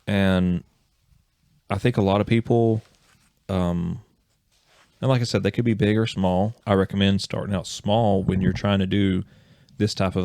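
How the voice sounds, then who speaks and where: A man's voice: low voice, a little mellow, no echo, clean studio sound. A man co-hosting a casual podcast, talking in a rambling, encouraging way and often correcting himself. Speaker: podcast co-host.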